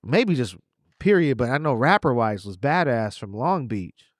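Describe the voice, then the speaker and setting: Male podcast host with a lively, up-and-down delivery and a dry close mic. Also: mid-range voice, unhurried, no echo. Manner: conversational, asks follow-up questions. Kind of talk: interview questions.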